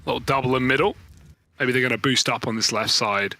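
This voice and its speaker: Bright-voiced male esports caster. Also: medium pitch, fairly quick, dry recording. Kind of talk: play-by-play commentary.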